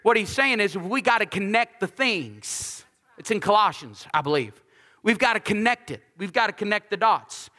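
A man preaching a sermon as pastor, conversational and lively, with humorous asides and repeated lines for emphasis. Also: sits high, normal speed, long reverb tail.

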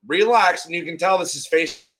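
Guy with a high voice on a video call, swears a lot, gets loud and worked up. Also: normal speed, slight background noise, low-quality recording. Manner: emphatic, swears loudly when excited. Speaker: show co-host. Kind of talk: casual chat on a live call.

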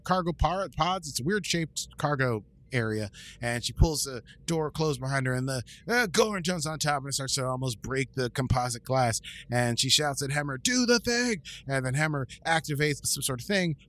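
Man, podcast co-host, casual recap, animated, mid-pitched voice. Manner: animated, acts out quotes in voices.

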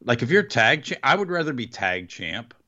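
A man's voice: mid-range voice, sing-song, moderate pace, sharp tone, muffled recording. A man co-hosting a casual wrestling recap chat, sounding annoyed and indignant. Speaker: podcast co-host.

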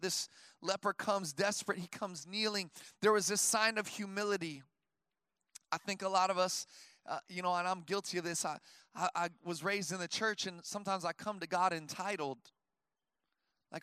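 A man's voice: high-pitched, moderate pace, clear, resonant tone, no room sound. A man in his thirties, a pastor preaching a sermon to his church, mixing fervent calls with chatty, filler-laden stories. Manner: preaches with rising intensity, then tells stories in a relaxed aside; conversational, with many fillers like "like" and "you know". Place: church service before a congregation.

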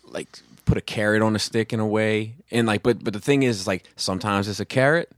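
A man's voice: on the low side, fairly even intonation, brisk, dry recording, clean studio sound. A man hosting a casual podcast chat, telling stories animatedly with lots of swearing and stammered restarts. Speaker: podcast host.

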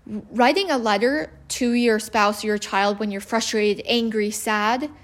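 Earnest, fairly high-voiced woman podcaster. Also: steady tone, measured pace. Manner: earnest, conversational, with occasional laughs. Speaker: podcast host; parent. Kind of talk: solo podcast monologue.

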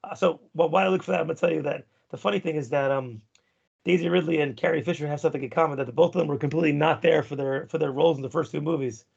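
A man with a gravelly, husky voice, pitched a little high, rambles through profane podcast banter and trips over his own words. The sound is dull and lo-fi. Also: very fast, a little mellow. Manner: rambling, profane, stumbles and restarts. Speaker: podcast co-host. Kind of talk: crude casual podcast banter.

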